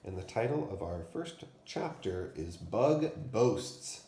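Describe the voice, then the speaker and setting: Slow, clearly spoken male first-grade teacher. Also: lowish voice, expressive, warm tone, echoey room. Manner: clear, deliberate enunciation for children. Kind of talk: phonics lesson and story read-aloud.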